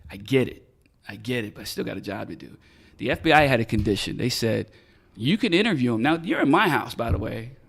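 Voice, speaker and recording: His medium-pitched voice runs a little fast, with vocal fry and a breathy edge. The middle-aged man, a retired police detective guesting on a podcast, tells a casual, profanity-laced story and animatedly acts out the dialogue.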